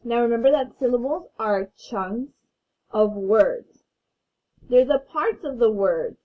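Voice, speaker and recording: Woman, kindergarten teacher; very slow, drawn-out delivery, a touch high, recorded off-mic in an echoey room. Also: lively intonation, recorded from a distance, phone-quality sound. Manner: slow, drawn-out, exaggerated sounding-out of letters and words; patient, encouraging teacher talk with questions to the listener. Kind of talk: recorded phonics lesson for young children. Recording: echoey room, off-mic, faint background hiss.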